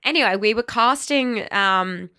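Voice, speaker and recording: A woman's voice: a little high, unhurried, sharp tone, clear, resonant tone. A woman with an Australian accent, a podcast guest and casting assistant, telling stories in a chatty way with many fillers. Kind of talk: casual chat.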